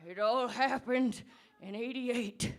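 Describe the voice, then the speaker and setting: A woman voicing an unhinged old man who lives under a bridge, rambling slowly on a pub stage with sudden shouts. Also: on the high side. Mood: mock grief. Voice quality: gravelly, creaky old-man voice. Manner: slow, rambling, with bursts of shouting. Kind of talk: comedic character monologue at a live debate.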